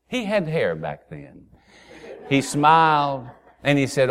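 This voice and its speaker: A man's voice: fairly high pitch, slow, pauses often. A man preaching a sermon and telling a humorous story, acting out the voices of the people in it. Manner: folksy storyteller, acts out voices, lively. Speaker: pastor.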